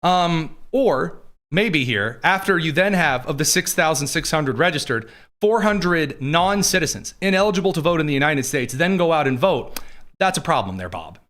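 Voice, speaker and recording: Man, political show host, sarcastic, mocking, slightly high-pitched voice. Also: animated, normal speed, a bit bright. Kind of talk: live political commentary.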